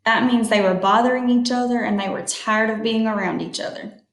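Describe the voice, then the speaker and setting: A woman reads a children's picture book aloud at a slow, patient pace. She stops to explain new words and points things out in the pictures. Her voice sits fairly high, and the room is echoey. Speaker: storytime reader.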